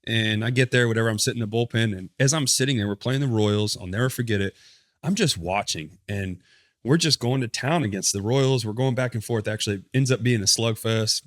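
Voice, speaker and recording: Profane, animated man telling stories. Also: on the low side, brisk, no echo, studio quality. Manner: animated, profane, self-correcting storyteller. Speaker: podcast guest, former pitcher. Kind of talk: casual storytelling interview.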